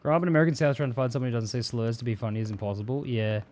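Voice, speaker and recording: A man's voice: mid-range voice, steady tone, very fast, a little mellow. A man streaming live, chatting casually and swearing freely as he reads viewer messages aloud and jokes about them.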